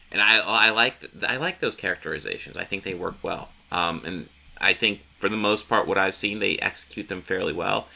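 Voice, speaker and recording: A man's voice: on the low side, creaky, pushed and bright. A man casually recapping a comic book issue, rambling with frequent restarts and the odd swear word.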